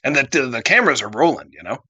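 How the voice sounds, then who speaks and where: A man's voice: medium pitch, sing-song, rapid-fire, pushed and bright, husky, no echo, highs cut off. A man co-hosting a comedy podcast, rambling through an improvised story, acting out characters in exaggerated voices and laughing at his own jokes. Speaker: podcast co-host.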